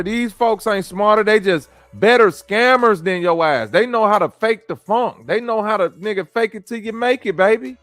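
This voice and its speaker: Midwest dude streaming, cussing and going off at chat, dry close mic, little music in the back. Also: male voice, high-pitched, fairly bright tone, no echo. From American Midwest. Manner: blunt, profane, slangy, talks to chat. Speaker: streamer host reacting to clips. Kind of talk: casual commentary with chat.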